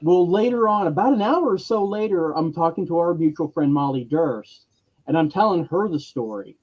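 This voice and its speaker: Animated storytelling man, mellow voice. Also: a little high, normal speed, rough recording. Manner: lively, acts out dialogue in varied voices. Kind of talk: animated storytelling in casual chat.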